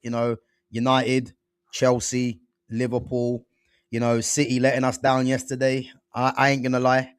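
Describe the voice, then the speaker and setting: A man's voice: medium pitch, monotone, normal speed, clean tone, dry recording, clean studio sound. Laid-back man hosting a football show. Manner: laid-back, loose slangy talk peppered with "man" and "bro". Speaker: podcast host. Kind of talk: casual football chat.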